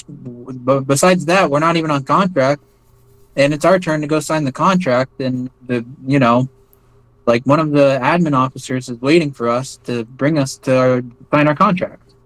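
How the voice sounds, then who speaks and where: An American man in a relaxed interview, telling his story in a loose, wandering way with lots of "like" and false starts. His voice sits at an ordinary middle pitch. The sound is dry and close, with no room echo. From United States. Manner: rambling, many fillers and restarts. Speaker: interview guest recounting experiences. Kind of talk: casual spoken storytelling.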